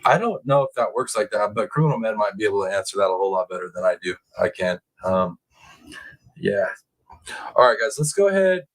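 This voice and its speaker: A relaxed man with a lowish voice hosts a casual livestream from home. He chats easily with his viewers, drawls out his words and reads their comments aloud. His voice leaps higher whenever a viewer excites him. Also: brisk, poor audio. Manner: laid-back, chatty, drawling out words; rises high when excited by a viewer. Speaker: livestream host reading chat.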